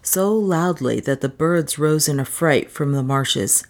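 A woman narrating an old adventure novel in a measured, steady storytelling voice. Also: low voice. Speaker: audiobook narrator. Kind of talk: scripted narration.

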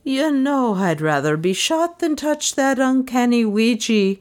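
A woman's voice: fairly low pitch, very animated, unhurried, darkish tone. A woman reading an audiobook who voices a timid, superstitious housemaid in a plaintive, fretful way. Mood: fretful pleading. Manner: pleading, fretful.

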